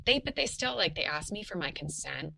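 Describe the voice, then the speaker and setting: A young woman sharing her birth story on a podcast, animated and full of fillers, laughing often. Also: low-pitched, fairly quick, vocal fry, rough recording. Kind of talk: casual personal storytelling.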